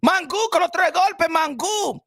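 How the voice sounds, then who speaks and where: A man hosting a boxing livestream, loud and joking, switching between languages while reading super chats. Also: very high-pitched, a little slow, gravelly, dry recording, studio quality. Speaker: boxing show host.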